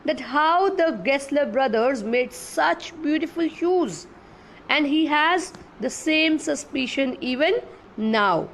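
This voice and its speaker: A woman's voice: sits high, animated, slight background noise, rough recording. A woman English teacher giving an online class from home, reading a story aloud and patiently explaining words to the children. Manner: slow, patient explaining, often asks the children questions.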